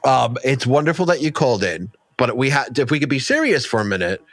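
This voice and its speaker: A man's voice: mid-range voice, sing-song, fairly quick, no room sound. A man co-hosting a show, chatting casually with dry jokes. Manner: dry, joking. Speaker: podcast co-host. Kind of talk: casual chat.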